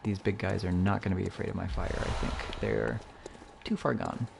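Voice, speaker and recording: A man's voice: on the low side, fairly even intonation, normal speed, gravelly. A man streaming a casual game playthrough, chatty and joking, reacting aloud as he plays. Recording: noisy stream audio.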